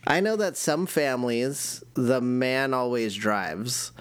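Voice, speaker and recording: A man's voice: medium pitch, slow pace, clean tone. A young man co-hosting a casual podcast chat, laughing often and acting out family members in his stories. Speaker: podcast co-host.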